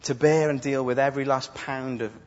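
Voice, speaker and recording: A man's voice: medium pitch, steady tone, a little fast. A man preaching an impassioned, emphatic sermon, acting out quotes as he goes. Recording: dull sound with long hall reverb.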